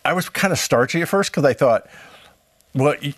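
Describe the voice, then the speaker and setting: A man's voice: fairly high pitch, normal speed, no room sound. A man hosting a casual chat, telling a church story with laughter and acted-out quotes. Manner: lively, laughing, acts out quotes.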